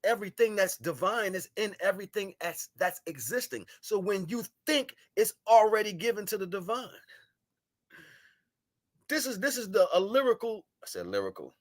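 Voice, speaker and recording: A man on a livestream giving a spiritual monologue, shifting between solemn murmurs, loud scolding and slangy, laughing chat with viewers. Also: high-pitched, animated, normal speed. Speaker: live stream host. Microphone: live stream microphone.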